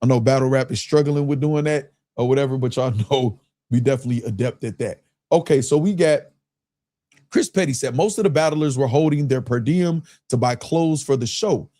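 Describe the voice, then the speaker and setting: A man's voice: medium pitch, fairly quick. A man hosting a live stream, reading viewer super chats aloud in loose, slangy casual talk. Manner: loose, slangy, keeps breaking into laughter; reads viewer comments aloud in a relaxed drawl.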